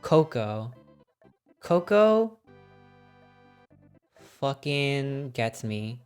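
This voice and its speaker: A woman streaming casually, ranking films with excited, swear-filled chat and frequent laughter. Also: very deep voice, very slow, smooth, faint music behind.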